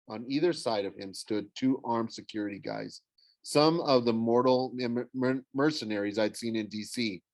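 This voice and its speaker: A man's voice: mid-range voice, moderate pace, dry recording. A man narrating a novel in the first person, stumbling and correcting himself now and then. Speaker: audiobook reader.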